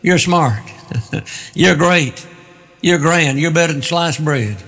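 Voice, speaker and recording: A wheedling male devil whispers flattery into an ear, as a preacher acts him out. The tone is bright and slightly high-pitched, and a long hall reverb trails each phrase. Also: slow pace, husky, soft background music, heavily acted. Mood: flattering. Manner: coaxing, flattering.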